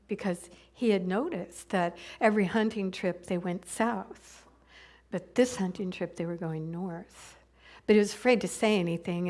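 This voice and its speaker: A woman minister tells a long story during a sermon. She speaks in a conversational, halting way, often restarting her phrases, at a middle pitch. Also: darkish tone.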